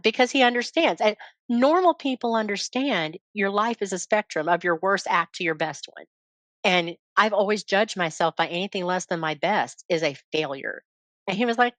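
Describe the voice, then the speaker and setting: Woman with a low, dry voice. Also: moderate pace, fairly bright tone, no echo. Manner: open, reflective storytelling. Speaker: guest. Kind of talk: candid personal interview talk.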